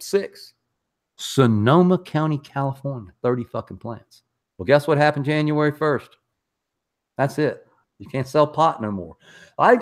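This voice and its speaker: Profane, emphatic middle-aged male podcast host. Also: medium pitch. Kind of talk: casual livestream rant.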